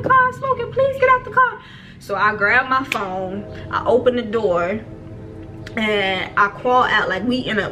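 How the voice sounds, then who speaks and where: A young woman telling a storytime vlog in casual, slangy talk, acting out her own frantic shouts when she quotes herself. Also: medium pitch. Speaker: vlogger.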